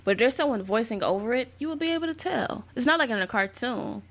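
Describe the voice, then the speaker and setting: A woman's voice: a little high, lively intonation, quick pace. Chatty woman movie podcast co-host. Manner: chatty, lots of "like" and restarts. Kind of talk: casual movie review chat.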